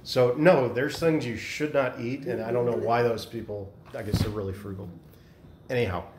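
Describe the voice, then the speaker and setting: A man leading a Bible study group, telling animated stories in a casual chat. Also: medium pitch, normal speed, background noise. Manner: chatty, animated storyteller. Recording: echoey room.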